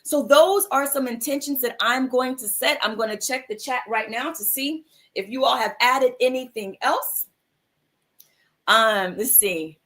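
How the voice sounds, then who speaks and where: In an unhurried, high, slightly bright voice, a woman hosts a livestream mindfulness show. She talks casually with her viewers, warmly encouraging them and calling them "my love" and "sis."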